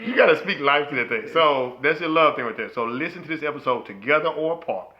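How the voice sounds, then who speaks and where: A man co-hosting a marriage podcast, talking in a playful, preachy way with bursts of loud excited laughter. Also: fairly high pitch, fast, dull audio. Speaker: podcast co-host. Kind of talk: casual chat.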